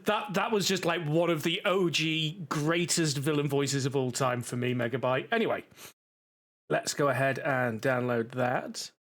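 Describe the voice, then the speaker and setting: A man streams a game live, chatting and rambling to his viewers. He has a cold and sounds stuffy, and his voice sits a little on the high side for a man. He swears offhandedly as he goes. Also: a little slow, fairly bright tone. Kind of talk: casual live-stream chat.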